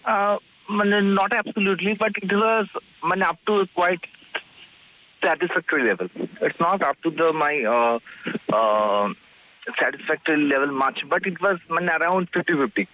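Hesitant, high bright male caller, distant line. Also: moderate pace. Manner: hesitant, short answers. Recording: dull distant phone line.

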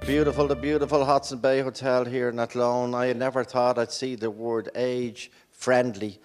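A man's voice: mid-range voice, level tone, moderate pace, soft background music. An Irish man hosting a live show, chatting with guests in jokey, stumbling banter. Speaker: host. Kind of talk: live radio show chat.

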